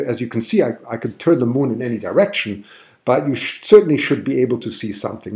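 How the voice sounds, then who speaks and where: A man's voice: mid-range voice, a little mellow. A man with a German-tinged accent hosting a live stream, chatting enthusiastically and reading out viewer comments. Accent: German-tinged English. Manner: enthusiastic, chatty, exclaims often. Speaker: livestream host and photographer. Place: home, then outdoors at night.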